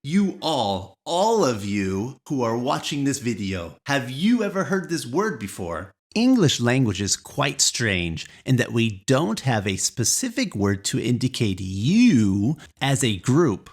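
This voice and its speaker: Slow, lively-toned English teacher. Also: mid-range voice. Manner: careful, clear explaining with examples. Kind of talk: explanatory online lesson.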